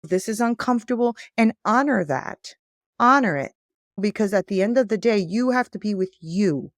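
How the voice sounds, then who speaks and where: A woman life coach as a podcast guest, telling stories in a lively way and acting out the dialogue. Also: medium pitch, normal speed, no echo, clean studio sound. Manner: animated storytelling, acts out quoted dialogue. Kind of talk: conversational interview.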